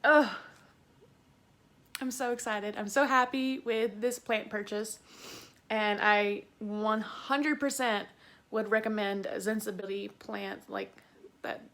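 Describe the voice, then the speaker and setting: With a medium-pitched voice and a measured pace, a young Tennessee woman with a Southern accent unboxes plants on her YouTube vlog, talking with obvious excitement.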